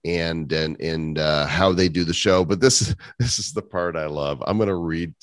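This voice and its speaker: Deep-voiced man in dry banter. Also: moderate pace, no room sound. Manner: wry, joking, reads aloud with asides. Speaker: podcast co-host. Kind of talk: casual chat.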